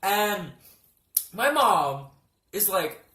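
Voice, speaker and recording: A young man telling a storytime vlog anecdote, animated and joking, with swearing and stammers. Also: high-pitched, drawn-out words, echoey room. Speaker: vlogger.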